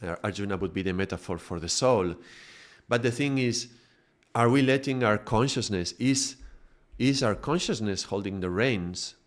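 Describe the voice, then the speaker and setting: A man's voice: on the low side, normal speed. A man giving a live spiritual talk, building extended metaphors and often checking in with tag questions. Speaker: spiritual teacher.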